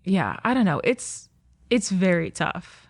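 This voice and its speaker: A woman's voice: on the low side, sing-song, a little slow, no echo. A woman hosting a casual film podcast, her voice close and dry with no room sound. She talks thoughtfully and hedges her opinions with "I think" and "like". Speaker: podcast host. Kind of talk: casual film review chat.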